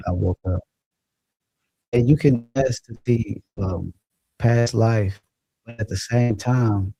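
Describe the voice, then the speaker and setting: A man's voice: fairly low pitch, vocal fry, dark tone, breathy edge, no echo, low-quality recording. A man hosting a casual livestream, chatting loosely and profanely and laughing as he reads viewer comments. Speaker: livestream host. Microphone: phone or computer mic.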